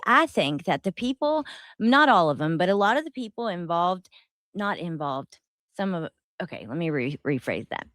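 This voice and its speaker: A woman's voice: fairly low pitch, clean tone, no echo. A woman hosting a casual commentary stream, laughing a lot, swearing freely and rambling as she reacts. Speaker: streamer host. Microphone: headset.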